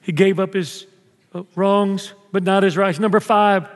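A man in his sixties, from Mexico, preaching a lively sermon as a pastor and acting out scenes. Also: sits high, a little slow. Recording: long hall reverb.

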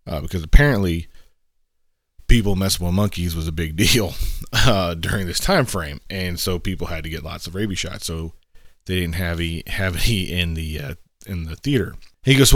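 A man's voice: low voice, normal speed, dry recording, studio quality. A man in his thirties hosting a podcast, telling a story casually and acting out the voices in it. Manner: animated, acts out quoted voices, laughs while telling. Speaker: podcast host.

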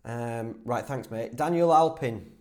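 Chatty North Yorkshire podcast host. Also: male voice, mid-range voice, measured pace, a little mellow. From Whitby, North Yorkshire, England. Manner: chatty and laddish, laughs easily, restarts often. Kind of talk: casual solo Q&A.

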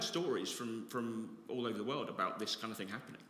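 A man's voice: fairly low pitch, fairly quick, few pauses, a bit bright. A man preaching a sermon as pastor, earnest and reflective, rising to passionate emphasis. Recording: echoey hall with long reverb.

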